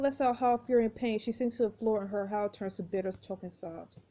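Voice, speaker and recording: A woman reading a story game aloud with expressive commentary, exclaiming at each turn. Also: medium pitch, quick pace, few pauses. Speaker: gameplay narrator. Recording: dull lo-fi recording.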